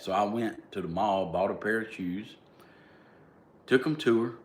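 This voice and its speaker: Deep-voiced Southern man rambling in a roomy echo. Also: normal speed, a little hiss or hum. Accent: Southern American. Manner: rambling, heavy on "like", restarts, emphatic bursts. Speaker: vlogger. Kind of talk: casual storytelling monologue. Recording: roomy echo, faint ambience.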